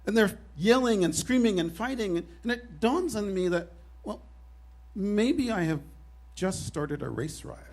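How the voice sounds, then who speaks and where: Speaking in a high voice at a measured pace, a fifties-aged man shares a personal story before a live show audience, lively, wry and quick to poke fun at himself.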